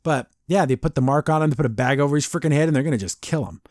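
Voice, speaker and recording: A man with a fairly high voice talks through an episode recap as a podcast host, loose and rambling, full of fillers and false starts. The sound is close and dry, with no room echo. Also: rapid-fire, a little mellow. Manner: rambling, many fillers and restarts. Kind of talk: casual episode review.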